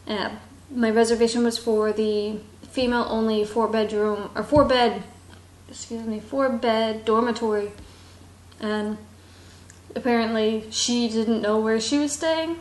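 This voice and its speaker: A young woman telling a casual travel story, animated and acting out the voices of the people in it. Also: on the high side, a little slow, echoey room. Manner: animated, acts out quoted voices. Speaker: vlogger.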